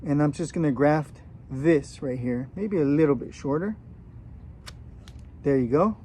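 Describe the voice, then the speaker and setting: A man's voice: fairly high pitch, a little slow, warm tone, a little hiss or hum. A man in his thirties, joking casually with a put-on Australian accent while giving a hands-on gardening how-to outdoors. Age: 30s. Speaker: gardening vlogger.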